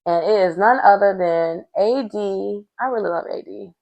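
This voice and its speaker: A woman's voice: medium pitch, normal speed, a little mellow, muffled recording. A woman recapping a reality show in a casual, chatty way, with sassy asides aimed straight at her viewers.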